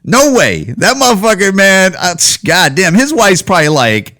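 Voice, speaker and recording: A man's voice: sits high, big pitch swings, moderate pace, bright, forceful tone. A man hosting a podcast, ranting casually with heavy profanity and rambling asides. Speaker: podcast host. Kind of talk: casual solo podcast rant.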